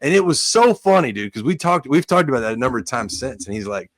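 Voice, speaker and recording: A man's voice: medium pitch, quick pace, no room sound, studio quality. A man, a former college offensive lineman, telling stories in a casual sports podcast chat, acting out quotes and saying "dude" often. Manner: animated storyteller, acts out quotes, says "dude" often.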